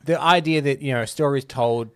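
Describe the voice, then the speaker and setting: A man's voice: medium pitch, fast, a bit bright. A man co-hosting a podcast in casual comedic chat, joking and slipping into silly voices. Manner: jokey, does silly voices, laughs often. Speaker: podcast co-host.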